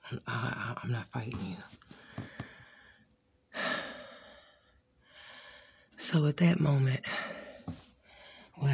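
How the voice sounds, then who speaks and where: An adult vlogger casually recounting a personal altercation while walking through a home, often dropping into a hushed whisper and acting out the quoted lines. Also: mid-range voice. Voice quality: raspy, gravelly. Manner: reenacts quoted dialogue. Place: inside a home.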